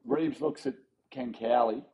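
An Australian man in his forties, a guest in a casual interview, telling anecdotes in a lively way, acting out the voices of people he quotes, with plenty of fillers and restarts. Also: medium pitch, a little slow, gravelly, rough recording.

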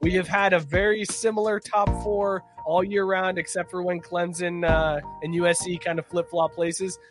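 Podcast host, male, relaxed delivery, reads rankings with "uh"s. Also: high-pitched, normal speed, over music. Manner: laid-back, reads lists with fillers. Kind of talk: reading sports rankings.

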